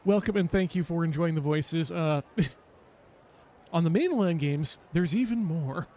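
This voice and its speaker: A man's voice: on the high side, unhurried, mellow. A man streaming a game live, making playful casual asides to his chat.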